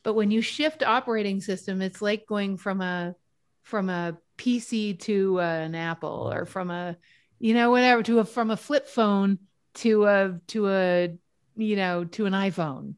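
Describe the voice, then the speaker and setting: A woman guest in a casual interview, talking in an animated, chatty way with playful analogies. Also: mid-range voice, measured pace, clean tone.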